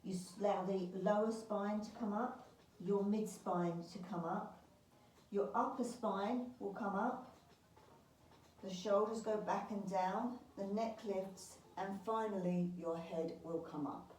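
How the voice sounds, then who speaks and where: A woman leads a beginners Pilates class, calmly cueing her students through each movement step by step, with the occasional filler word. Her voice is medium in pitch and unhurried. A camera across the room picks her up, giving a roomy, distant sound with faint ambience and slight background noise.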